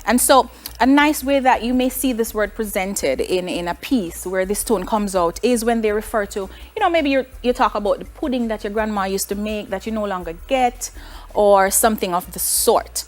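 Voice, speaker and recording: A woman with a Jamaican accent, a teacher giving a recorded online class, explaining in a clear, measured way and asking her students rhetorical questions. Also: mid-range voice.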